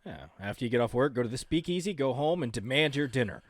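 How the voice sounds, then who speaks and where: Wry podcast co-host man, mid-pitched, dry room. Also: expressive, quick pace, no echo. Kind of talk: casual comedic chat.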